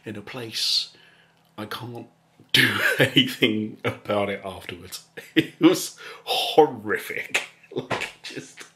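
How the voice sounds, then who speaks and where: A man telling a rambling story in a soft, casual way, laughing often and slipping into whispers. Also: fairly low pitch, animated, slow pace. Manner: rambling and chuckling, drops into whispers. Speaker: ASMR channel host.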